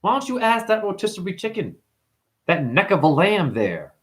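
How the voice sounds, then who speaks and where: Male livestream host, high-pitched, profane, animated rant. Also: normal speed. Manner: profane, animated, mimics customers in high voices.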